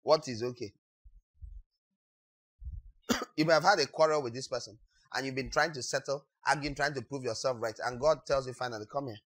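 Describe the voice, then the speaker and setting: A man preaching a sermon as pastor, acting out quotes and breaking into sudden shouts. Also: mid-range voice, quick pace.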